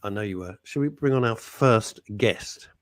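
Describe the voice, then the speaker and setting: In studio-quality audio with no echo, a man on the low side hosts live radio at normal speed. He rambles and jokes while welcoming listeners and reading their messages aloud in easygoing on-air chatter.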